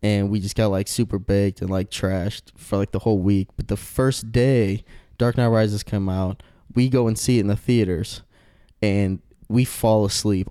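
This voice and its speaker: A young man chatting on a podcast, rambling through a story with lots of fillers and swearing. His voice is mellow and dark, and the sound is dry and close. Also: fairly low pitch, smooth, no echo. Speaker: podcast host. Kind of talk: casual podcast chat.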